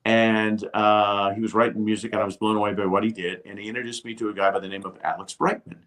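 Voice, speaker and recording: An older man, a TV host appearing as a guest, tells a lively anecdote in a rather low voice at a quick pace, acting out the people he quotes.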